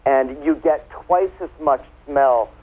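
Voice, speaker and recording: A man's voice: on the high side, takes it slowly. Chatty man on a tinny phone line. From United States. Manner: chatty, explanatory, playful. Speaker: wine expert guest. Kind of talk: casual radio interview.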